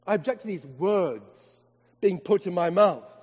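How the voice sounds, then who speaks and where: A man, a vicar preaching a sermon with emphatic rhetorical questions and slowed words for stress. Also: high-pitched, expressive, darkish tone, breathy edge. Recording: long hall reverb.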